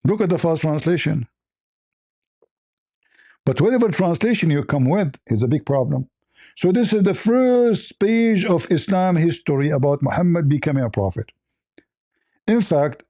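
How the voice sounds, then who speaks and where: A man hosting an online religious debate. He argues forcefully and mocks his opponent, laughing often and hammering his points with repeated rhetorical questions. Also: fairly high pitch. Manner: argumentative, mocking, with frequent laughs. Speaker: debate host.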